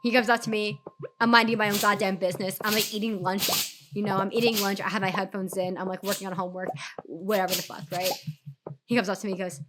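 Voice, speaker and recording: A young woman streaming a game and chatting casually, full of fillers, her voice rough from recovering from an illness. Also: mid-range voice, fast talker, noisy background. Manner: chatty, many fillers, animated retelling. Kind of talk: casual storytime while gaming.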